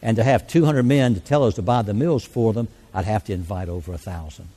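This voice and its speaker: A man's voice: fairly low pitch, a little fast, dark tone, husky. A man giving an earnest, folksy sermon in a church service, leading a prayer and telling mission stories. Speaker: church speaker.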